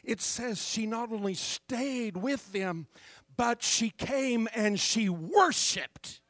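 A man's voice: very high-pitched, sing-song, slow pace, pushed and bright, no room sound, studio quality. A man preaching a sermon as pastor, fervent and calling out to the congregation for responses.

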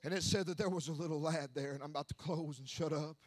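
A man preaching a sermon who swings between hushed asides and shouted, sing-song preaching cadence. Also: a little high, fairly even intonation, fast, no room sound. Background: faint music from an accompanist.

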